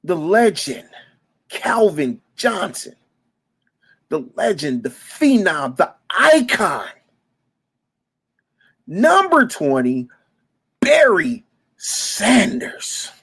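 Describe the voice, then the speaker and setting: Emotional detroit guy, ex football coach, rambling fan talk, keeps repeating himself and tripping over words, gets loud in spurts. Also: sits high, big pitch swings, extremely slow, long pauses, breathy edge. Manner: emotional and repetitive, stumbling over words, with sudden loud bursts. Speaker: former youth football coach and sports fan. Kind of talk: emotional unscripted fan monologue.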